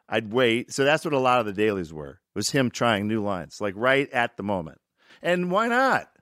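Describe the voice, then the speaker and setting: A man's voice: medium pitch, fairly quick, no room sound, studio quality. An older man telling stories casually, acting out quotes and cursing freely. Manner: animated, acts out quotes, profane. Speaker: actor telling set stories. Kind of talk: casual storytelling chat.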